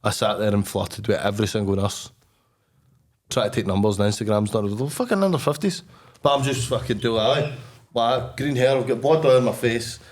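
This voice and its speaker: A young Scottish man, a podcast guest, telling a wild story in a blunt, sweary, animated way. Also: medium pitch, brisk. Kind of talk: casual storytelling.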